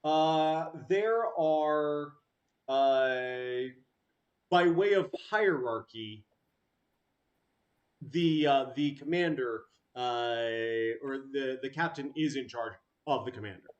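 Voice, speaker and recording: A man narrating a tabletop game as game master, halting, with many fillers. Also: mid-range voice, muffled recording.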